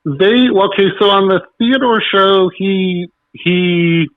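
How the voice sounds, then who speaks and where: This man's voice sits high and moves slowly, with no echo, on a dull, dry lo-fi recording. A guest on a talk show, he tells stories animatedly, acting out quotes and laughing.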